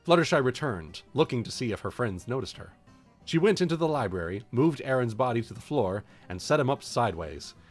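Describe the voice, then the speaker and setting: A man's voice: mid-range voice, big pitch swings, fairly quick, soft background music. A man reading a fan story aloud on a livestream, amused and ad-libbing asides. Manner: amused, breaks into laughter, ad-libs. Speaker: streamer reading fan stories.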